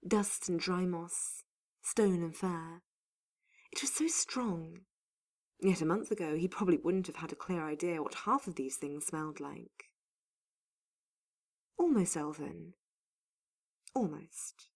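A woman narrating a fantasy story in an unhurried, even reading voice. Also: lowish voice. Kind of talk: audiobook narration of fan fiction.

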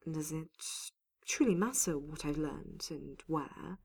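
A woman voicing a calm, secretive male mage who speaks softly, low and measured. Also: gravelly, husky, full character voice. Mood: calm, guarded.

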